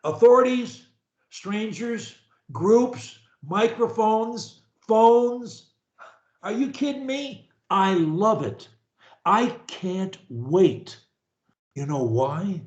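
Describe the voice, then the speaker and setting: Guy coaching a stutterer on a video call, slow deliberate talk, roomy sound. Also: high-pitched, dull audio. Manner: animated, preachy, swings from loud to whispered. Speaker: speech coach.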